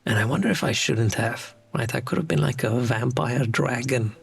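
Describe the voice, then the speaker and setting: South African streamer, Afrikaans first language, husky, easygoing and musing. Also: male voice, mid-range voice, moderate pace. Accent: South African English. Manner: rambling, musing aloud. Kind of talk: casual game-stream chat.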